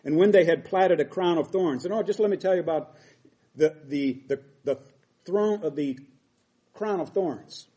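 A man's voice: on the high side, moderate pace, mellow. A middle-aged man preaching a sermon, reading scripture aloud and explaining it with emphatic quoted lines.

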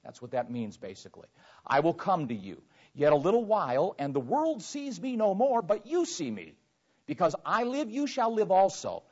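A man's voice: sits high, very animated, normal speed, darkish tone. A man preaching a sermon to his congregation, reading scripture aloud and explaining it verse by verse. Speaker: pastor. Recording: dull lo-fi sermon recording.

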